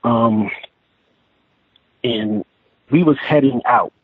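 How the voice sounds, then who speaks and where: A man's voice: mid-range voice, breathy edge, dry recording. Man telling a story over a tinny phone line. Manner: rambling, halting, many restarts and fillers. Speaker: guest telling his encounter. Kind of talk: casual storytelling interview.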